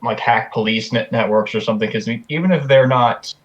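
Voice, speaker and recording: A man playing a tabletop game, suggesting ideas in a halting, think-aloud way. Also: mid-range voice, dull audio. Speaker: player.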